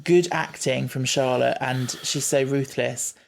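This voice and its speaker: Brief: an enthusiastic male co-host, mid-pitched and chatty. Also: steady tone, unhurried, vocal fry, slight background noise. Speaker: podcast co-host. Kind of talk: casual chat.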